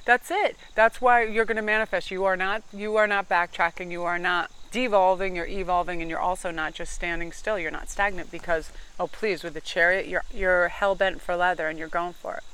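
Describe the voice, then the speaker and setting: Fast-talking energetic woman tarot reader. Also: lowish voice, clear, resonant tone. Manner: energetic, rapid, swears casually, laughs often. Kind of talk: pick-a-card tarot reading to viewers.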